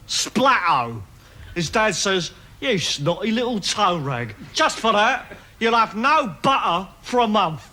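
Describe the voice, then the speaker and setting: A man's voice: high voice, sharp tone, heavily acted. A man playing a crude cockney punk who tells gags, brash and cackling, in a sketch comedy monologue.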